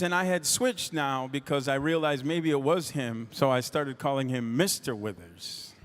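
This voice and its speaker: A man speaking as a guest musician, telling a story to an audience in an easygoing way with frequent pauses. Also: a little high. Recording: echoey hall.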